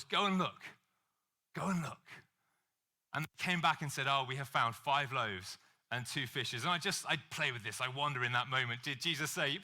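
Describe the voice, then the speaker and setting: Male preacher, playful storyteller, bright, slightly high voice. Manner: humorous storytelling, acts out quoted voices. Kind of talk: sermon.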